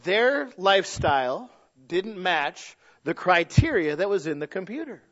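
High-pitched guy preaching a sermon, goes quiet then big and loud, kinda muffled lo-fi sound. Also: very animated, measured pace. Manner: dynamic preaching, swinging from hushed to loud and drawn out. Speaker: pastor. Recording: dull lo-fi sound.

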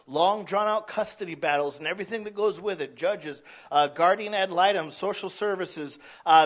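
A man's voice: sits high, a bit bright. A man preaching a sermon in a conversational, plainspoken way with self-deprecating humor. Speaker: pastor. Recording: slightly dull lo-fi sound.

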